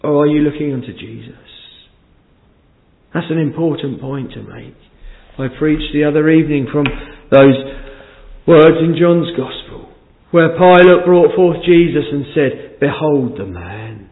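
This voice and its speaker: A man's voice: a little high, measured pace. A man preaching an evening sermon, asking the congregation earnest, pleading questions and reading scripture in old-fashioned wording. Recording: tinny narrow-band sermon recording.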